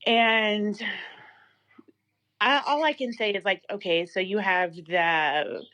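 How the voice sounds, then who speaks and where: A woman's voice: mid-range voice, takes it slowly, fairly bright tone, no room sound. A woman in her thirties telling an emotional personal story as an interview guest, with many fillers and restarts.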